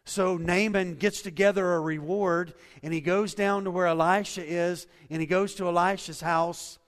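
A male pastor preaching a sermon in a church hall, swinging between soft, low passages and loud, raised ones. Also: fairly even intonation, moderate pace. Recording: long reverb of a large hall.

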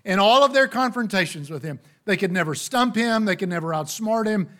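Male preacher, high pitch, sermon delivery, slows down hard on key lines. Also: lively intonation, fairly bright tone. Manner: emphatic, slows down on key phrases, rhetorical questions.

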